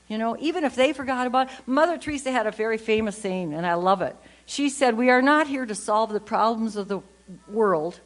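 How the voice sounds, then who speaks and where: Speaking at a conference, this older woman delivers a humorous talk about faith as a lively storyteller. Her jokes come fast, her volume leaps from booming to hushed asides, and she imitates her children and others.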